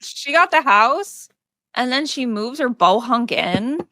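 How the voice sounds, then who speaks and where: A woman's voice: a little high, expressive, slow pace, pushed and bright, no echo. A woman co-hosting a horror movie podcast, chatting casually in a blunt, joking way with some swearing. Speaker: podcast co-host.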